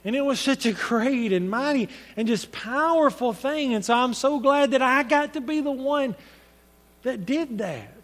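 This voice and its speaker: A man's voice: extremely high pitch, expressive, unhurried, a bit bright, big-room sound. A man preaching a sermon, speaking in an earnest, conversational storytelling way with frequent restarts.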